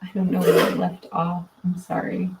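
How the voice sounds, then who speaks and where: Chatty low-voiced woman, echoey room. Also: monotone, moderate pace, gravelly, very noisy. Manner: chatty, laughs often, tired and winding down. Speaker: livestream host. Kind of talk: casual livestream chat reading comments. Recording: echoey room, mic at a distance.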